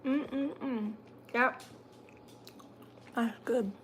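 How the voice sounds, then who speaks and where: Slow-talking woman chatting while eating. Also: fairly high pitch, steady tone, slight background noise. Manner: chatty, answers viewer comments while eating; talks while chewing. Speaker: live-stream host. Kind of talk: casual live-stream chat.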